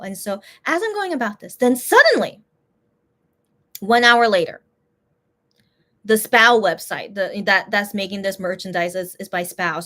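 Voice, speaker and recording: A woman who runs a shop, casually telling a story in an animated, exasperated way, with many restarts. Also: mid-range voice.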